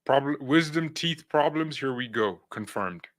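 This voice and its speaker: A man's voice: medium pitch, expressive, unhurried. A young man hosting a fan channel, chatting casually with viewers, rambling and restarting his words while talking through recent dental work. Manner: rambling, repeats words and restarts, laughs at himself.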